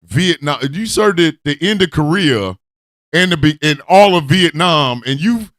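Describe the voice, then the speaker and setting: A man's voice: on the high side, lively intonation, measured pace, fairly bright tone, dry recording, clean studio sound. A man hosting an online radio show, ranting comically with profanity and constant cackling laughter. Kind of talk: loose comedic rant with chat.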